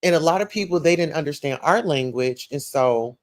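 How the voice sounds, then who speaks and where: Sassy Southern woman, livestream gossip host reading comments, animated and chatty. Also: low voice, moderate pace. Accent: Southern US, Atlanta. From Atlanta, USA. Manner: sassy, animated, calls listeners child and baby.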